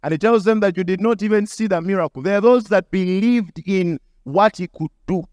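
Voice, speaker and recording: A male pastor delivers a sermon with a fairly high voice. He teaches through stories and now and then acts out the people in them. The sound is dry and close, with hardly any room. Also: a little fast, darkish tone, dry recording. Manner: storytelling preacher, acts out the people in his stories.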